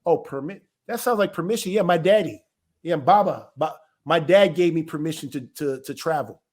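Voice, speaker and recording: Man doing a young driver, naive, puzzled, unbothered, lower voice. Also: normal speed, darkish tone, lightly acted.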